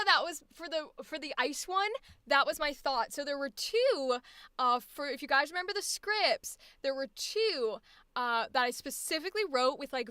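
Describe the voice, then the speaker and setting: A woman's voice: high voice, bright, forceful tone, no room sound. A woman voice acting instructor giving effusive, chatty commentary on a livestream showcase. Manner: effusive, gushing, chatty with y'all.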